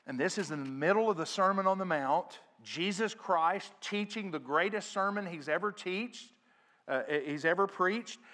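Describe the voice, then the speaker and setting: Middle-aged male pastor, earnest sermon delivery, slightly high voice. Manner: earnest preaching, swells louder on scripture quotes. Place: church sanctuary.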